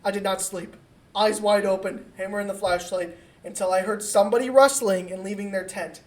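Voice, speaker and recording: A woman co-hosting a podcast, telling a comic story in a casual, profane and animated way. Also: mid-range voice, fairly quick. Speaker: podcast co-host.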